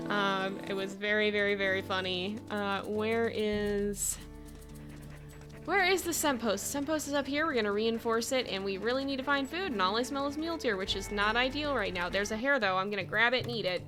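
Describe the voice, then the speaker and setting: Woman, gaming streamer, mid-pitched, giggly and chatty, with clear game music behind. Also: a bit bright. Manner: chatty, giggly, talking to her animals on screen. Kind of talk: live game commentary. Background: background game music.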